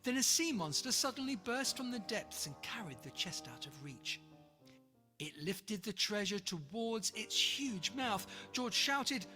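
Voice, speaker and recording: Lively, slow author reading a rhyming book. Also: medium pitch. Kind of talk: rhyming storybook read-aloud. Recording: long reverb, faint music behind.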